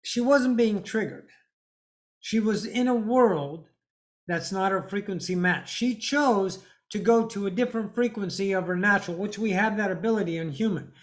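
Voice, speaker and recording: A woman talks through a spiritual monologue in a blunt, preachy way, with swearing mixed in. She slows down and leans on key words to drive a point home, like a teacher addressing her followers. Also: mid-range voice. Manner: emphatic, drawn-out stresses.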